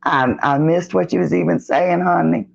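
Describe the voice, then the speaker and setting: A middle-aged woman chatting casually on a live stream, reading out the live chat and greeting viewers by name in a folksy, drawn-out way. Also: lowish voice, steady tone, creaky, husky, highs cut off.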